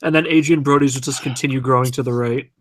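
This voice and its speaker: A man's voice: medium pitch, fairly even intonation, fast talker, very noisy. A man co-hosting a casual podcast chat, joking and incredulous. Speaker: podcast co-host.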